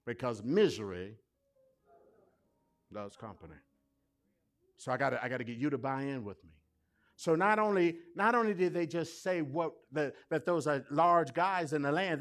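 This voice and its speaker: A man preaches with a notably high voice. He drops into quiet, quick asides, then climbs to loud, ringing peaks. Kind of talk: sermon.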